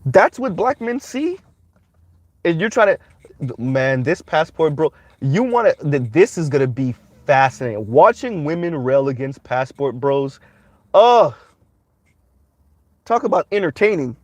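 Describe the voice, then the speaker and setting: Casual guy commenting on a livestream, kinda high voice, dry sound, lots of ums. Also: sing-song, moderate pace, dry recording. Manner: rambling with frequent "um" fillers.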